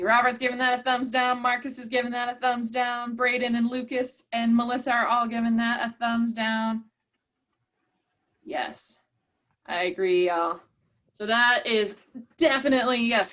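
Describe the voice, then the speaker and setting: A woman's voice: a little high, a bit bright. Upbeat woman presenter reading chat replies. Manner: encouraging, reads out participants' chat replies. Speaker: workshop presenter. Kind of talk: online workshop teaching.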